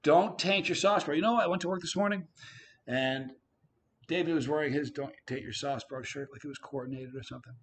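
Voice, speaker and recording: A man hosting a casual live stream, reading viewer comments aloud, his voice swinging from loud to quiet. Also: a little high, a little fast, husky. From Canada.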